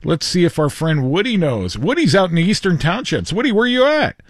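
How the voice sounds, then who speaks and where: A man's voice: sits high, sing-song, no echo. A man hosting a call-in radio show, upbeat and chatty, taking callers in a studio. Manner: upbeat, chatty, quick laughs. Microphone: studio mic.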